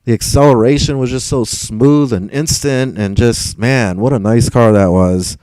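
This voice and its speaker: A frustrated young man rambles through a live stream, answering his chat and tripping over repeated words. His voice is dark and smooth, recorded dry and close. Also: mid-range voice, normal speed, no room sound, rough recording.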